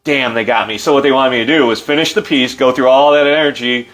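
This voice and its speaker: A middle-aged man with an animated storytelling manner, loose and full of fillers, acting out quotes in a livelier voice. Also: mid-range voice, quick pace. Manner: loose, filler-heavy delivery. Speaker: interview guest. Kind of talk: casual storytelling.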